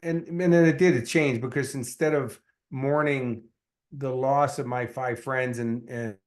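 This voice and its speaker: A man, a success coach and guest, telling his story in an earnest, animated way, with many fillers. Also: medium pitch, unhurried. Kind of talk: casual interview storytelling.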